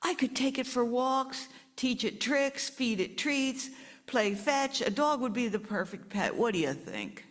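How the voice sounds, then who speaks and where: Storybook little girl, eager and coaxing, voiced by a woman reading aloud, lilting a bit higher than a plain voice. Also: expressive, measured pace, in a large hall. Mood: pleading.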